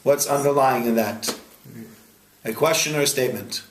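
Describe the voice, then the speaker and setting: A man's voice: medium pitch, normal speed, slight background noise. Rabbi quizzing his class in an echoey hall. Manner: questioning, quizzes students, lively. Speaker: rabbi teaching a Talmud class. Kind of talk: interactive Talmud lesson. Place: study hall with students.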